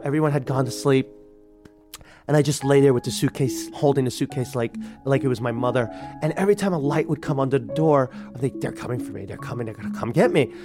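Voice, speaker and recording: Male storyteller in his thirties, lively, slips into voices for the people he quotes, over soft music. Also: medium pitch. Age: 30s. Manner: animated, acts out quoted voices. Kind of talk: personal story told to a radio audience.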